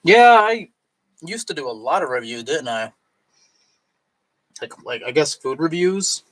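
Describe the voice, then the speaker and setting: A man's voice: a little high, big pitch swings, measured pace, fairly bright tone. A man chatting casually on a live stream while drinking, rambling and tipsy, with lots of fillers and restarts.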